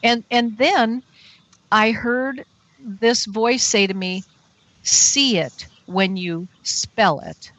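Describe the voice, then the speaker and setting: A woman's voice: on the high side, drawn-out words, a bit bright, no echo. A woman guest on a talk radio show, telling a personal story with animation and acting out her own frightened thoughts.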